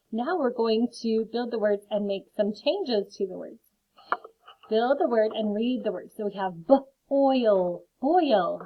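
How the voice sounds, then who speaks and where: A woman teaches children a phonics lesson, carefully sounding out words and adding friendly, chatty asides. Her voice is on the high side with a breathy edge, and the audio is phone-like and lo-fi.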